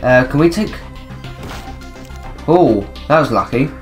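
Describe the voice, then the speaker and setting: A man's voice: mid-range voice, expressive, slow pace, faint music behind. A man casually commentating his horror game playthrough, swearing and laughing at himself. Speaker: gaming channel host. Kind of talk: let's play commentary.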